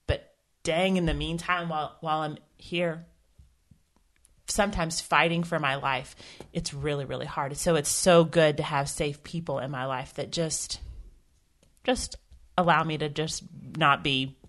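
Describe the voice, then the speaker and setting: Woman, podcast co-host, low-pitched, earnest, emotional, rambling delivery. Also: fairly even intonation, unhurried, fairly bright tone. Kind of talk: candid faith podcast conversation.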